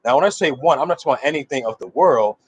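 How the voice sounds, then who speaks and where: A man's voice: mid-range voice, animated, racing, slightly rough, no room sound. A male preacher giving a sermon, telling a story and putting rhetorical questions to his listeners.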